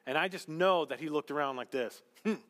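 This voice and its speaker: Male pastor, lively sermon, fairly high voice, acts out quotes, drops to whispers, long hall reverb. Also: fairly quick. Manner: animated, acts out quotes with shifts to hushed whispers.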